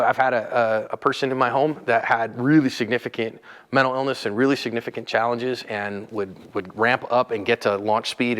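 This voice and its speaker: A man hosting a casual instructional talk, earnest and emphatic, dropping low and quiet when he describes staying calm. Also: big-room sound. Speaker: host.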